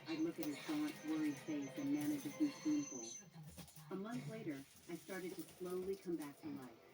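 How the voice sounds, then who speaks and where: Low-voiced woman narrating a story. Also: very animated, normal speed, rough recording. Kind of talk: first-person story narration. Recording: music playing underneath.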